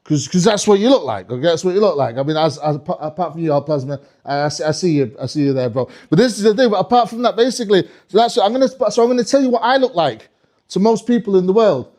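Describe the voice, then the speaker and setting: High-voiced British stand-up comedian. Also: male voice, fast. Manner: animated, swearing, slips into mock French voices. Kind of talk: live stand-up comedy set. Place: comedy club stage.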